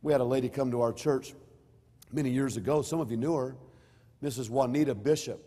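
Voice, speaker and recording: Speaking a little fast with a dark tone at medium pitch, a middle-aged pastor delivers a sermon that weaves a personal story into scripture. He's emphatic, his force rising and falling. The recording carries the reverb of a church sanctuary hall.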